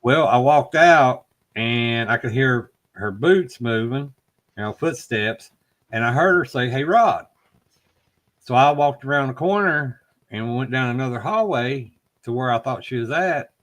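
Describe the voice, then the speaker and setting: A middle-aged man with a drawl spins a ghost story in loose podcast chat. He curses freely and jumps into lively voices for the people in his story. His pitch sits at an ordinary middle height. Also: measured pace. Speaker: podcast host. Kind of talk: casual chat. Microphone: live stream call.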